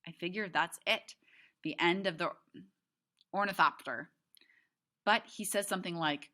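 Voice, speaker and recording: Woman teacher, read-aloud to class, bright lowish voice, chatty asides. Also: measured pace, long pauses. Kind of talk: reading a novel aloud to a class.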